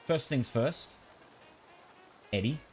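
A man's voice: mid-range voice, animated, slow pace, a little hiss or hum. A man streaming a game, chatting casually, swearing often and laughing a lot. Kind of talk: casual gaming stream chat.

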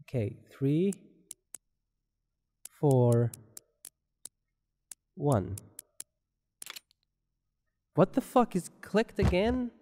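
A man rambles through a horror game at a slow, drawn-out pace, cracking jokes and swearing freely. His voice sits mellow and dark, in a casual let's-play commentary style. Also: fairly high pitch, very animated. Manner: joking, rambling, swears a lot. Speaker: gameplay commentator.

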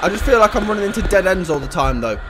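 A man's voice: sits high, sing-song, fast talker, fairly bright tone, a little hiss or hum. A young man doing panicky, swearing commentary while playing a horror game. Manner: panicky, sweary, jokey, sings and talks to himself. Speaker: gaming YouTuber. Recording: game music behind the voice. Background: game music.

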